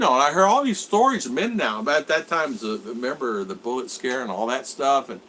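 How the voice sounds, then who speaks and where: A man's voice: mid-range voice, sing-song, brisk, hardly any pauses, pushed and bright. A middle-aged American man hosting a casual live stream, rambling with fillers as he reads viewer comments aloud and chats back. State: recovering from a cold. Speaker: vlog host. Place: home in the Philippines.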